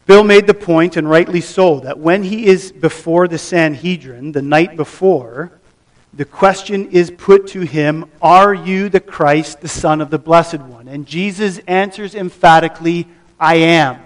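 High-voiced preacher heard from a distance. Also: male voice. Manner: reads scripture aloud, then explains it with measured emphasis. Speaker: pastor. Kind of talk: sermon.

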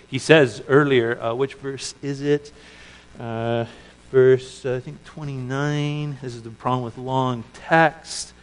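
Male pastor mid-sermon, mid-pitched, earnest and dynamic, surges loud then drops to near-whispers, restarts often. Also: steady tone, slow pace, clear, resonant tone, long reverb tail, rough recording. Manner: swings between loud emphasis and hushed asides.

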